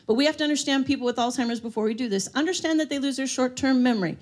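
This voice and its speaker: A woman's voice: high-pitched, very fast. Storytelling woman teaching a live audience. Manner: storytelling, asks the audience questions. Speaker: dementia care speaker. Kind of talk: live seminar talk to an audience. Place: room with an audience.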